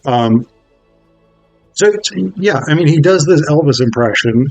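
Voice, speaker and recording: A man's voice: a little high, expressive, measured pace, dry recording, soft background music, poor audio. A man reviewing a film in a casual, wry video essay, swearing freely as he talks.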